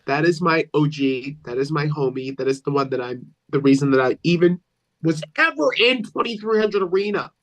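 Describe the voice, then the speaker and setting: A man's voice: a little high, expressive, moderate pace, a bit bright, poor audio. Rambling male ring announcer on a podcast. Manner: rambling, repeats himself, acts out quotes. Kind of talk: casual chat, storytelling.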